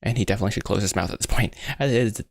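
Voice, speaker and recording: Very fast and fairly low with vocal fry, this young American's voice comes through clean, echo-free studio sound. He animates live while chatting loosely, rambling, ribbing himself, sounding out mouth shapes, and tossing around "bro" and "guys" excitedly.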